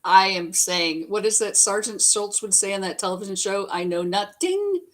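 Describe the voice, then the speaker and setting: A woman's voice: mid-range voice, steady tone, normal speed, a bit bright. A woman co-host chiming in casually with laughing, off-the-cuff remarks. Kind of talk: casual chat.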